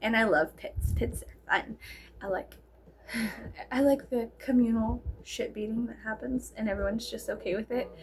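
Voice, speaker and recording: A woman's voice: fairly high pitch, normal speed. Rambling woman telling stories. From South Texas. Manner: rambling, heavy fillers, swears freely. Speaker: storyteller vlogger. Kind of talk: casual rambling storytelling. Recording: faint background noise.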